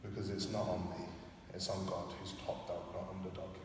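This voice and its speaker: A man preaches a sermon with earnest, impassioned conviction, stepping into quoted prayers and scripture. His pitch stays fairly flat and even. He sounds distant from the mic in a big echoing hall. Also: normal speed, slight background noise. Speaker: pastor. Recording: echoey hall, from far off.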